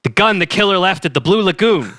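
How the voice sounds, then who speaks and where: A man voicing an obsessive FBI profiler with a put-on Boston accent, blurting out excited deductions. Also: high-pitched, fast talker, no echo, studio quality, pitched above the performer's own voice. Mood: manic.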